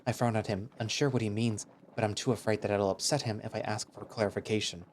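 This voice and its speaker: A man's voice: lowish voice, flat delivery, fast talker, few pauses, slight background noise. A man reading a visual novel aloud in first person, with conversational, hesitant, flustered dialogue. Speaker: narrator.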